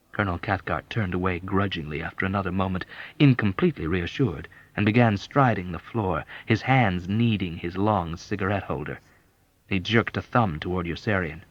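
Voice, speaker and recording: A man narrating an unabridged audiobook in a measured, expressive storytelling manner. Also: deep voice, no echo. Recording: dull, dry lo-fi audiobook.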